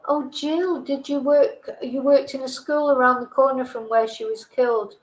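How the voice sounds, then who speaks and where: Through a muffled recording comes a high-pitched woman at a moderate pace, her intonation fairly even. She is a middle-aged livestream host from England who rambles through casual chat and viewer comments, hesitating often, filling pauses and correcting herself.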